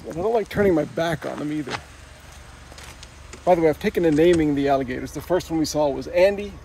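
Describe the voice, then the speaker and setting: Outdoors beside a swamp, a male travel vlogger chats casually for his vlog, wry and quick to mock himself. His voice is fairly high, fast and gravelly yet warm, with a faint hiss or hum in the recording.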